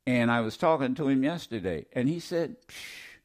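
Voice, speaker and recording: A middle-aged man hosting a call-in radio talk show, his voice slightly hoarse, talking in an emphatic, rambling way with repeated phrases. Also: medium pitch, expressive, brisk.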